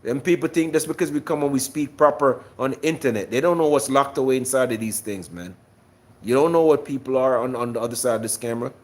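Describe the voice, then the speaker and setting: A young man speaking in a thick Jamaican accent on a livestream, loud and boastful. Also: medium pitch, quick pace, natural voice. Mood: swaggering. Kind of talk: casual livestream chat in heavy Jamaican patois.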